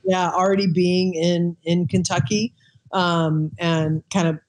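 A woman's voice: lowish voice, fairly even intonation, slow pace, darkish tone, slight background noise. A woman, a former bartender, chatting on a podcast and telling stories with many fillers and restarts. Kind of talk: casual podcast chat.

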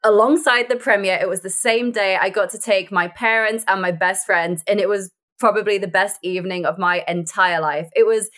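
A woman's voice: medium pitch, steady tone, normal speed, few pauses, a bit bright. A young woman, an actor, telling stories in a casual interview and laughing often. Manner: bubbly, laughs often, chatty storytelling. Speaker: actor and guest.

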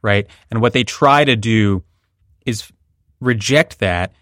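A man's voice: on the low side, takes it slowly, fairly bright tone, no room sound, studio quality. A man hosting a podcast, explaining a court ruling in a wry, conversational way. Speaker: podcast host. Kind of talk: legal analysis chat.

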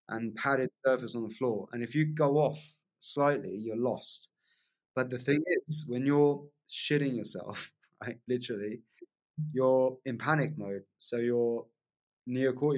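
A man telling a long personal story as a podcast guest, in a lively casual way, often asking "right?" along the way. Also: medium pitch. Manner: animated storyteller, frequent "like" and "right?" tags.

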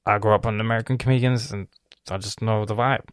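A young man talking in a casual, rambling monologue, cursing often and filling pauses with ums and restarts. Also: on the low side, fairly even intonation, dry recording, studio quality. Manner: profane, rambling, with many fillers and restarts. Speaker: vlogger.

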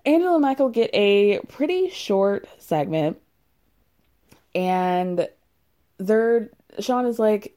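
A woman's voice: mid-range voice, animated, takes it slowly, pauses often, mellow. A woman casually recapping a reality show, chatty and sarcastic with lots of "like.". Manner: chatty and sarcastic, heavy use of "like". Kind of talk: casual chat.

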